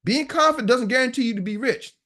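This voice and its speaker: A man's voice: very high voice, fast talker, pushed and bright. A man giving a business coach's motivational talk to a live online audience, emphatic and preachy, hammering his points home through repetition. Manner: emphatic, preachy, repeats punchlines.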